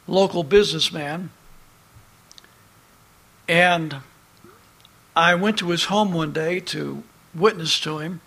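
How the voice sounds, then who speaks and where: A man preaching a sermon as pastor, reading scripture in slow, emphatic phrases. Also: sits high, a bit bright.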